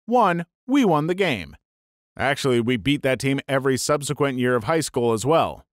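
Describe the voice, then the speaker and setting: A man narrating online stories aloud in a steady, matter-of-fact read. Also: mid-range voice, normal speed, dry recording, clean studio sound. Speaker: story narrator.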